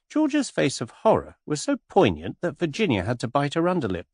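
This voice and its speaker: A man narrating an audiobook in an even, measured storytelling manner, close to the mic. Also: mid-range voice, husky, no echo.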